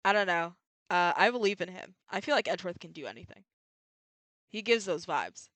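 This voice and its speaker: A woman's voice: fairly low pitch, lively intonation, fairly quick, a bit bright. A young woman chatting casually and giggling while streaming a video game, dropping slang as she goes.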